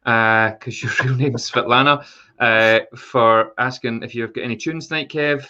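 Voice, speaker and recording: A man hosting a podcast, chatty and quick to laugh in casual banter. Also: medium pitch, fairly even intonation, pushed and bright. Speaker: podcast host. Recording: slightly dull, lo-fi sound.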